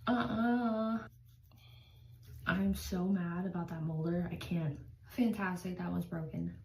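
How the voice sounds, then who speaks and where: A woman's voice: on the low side, fairly even intonation, slow, creaky, a little mellow. A young woman talking anxiously in a confessional vlog, close to tears. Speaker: vlogger in a played clip. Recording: echoey room with background noise.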